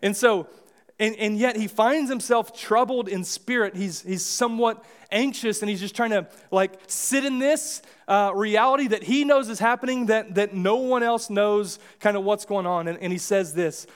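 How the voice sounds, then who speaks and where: A man's voice: high-pitched, normal speed. A man with an American accent preaching a sermon in a church, casual and conversational, with many restarts and acted-out asides. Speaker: pastor. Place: church sanctuary.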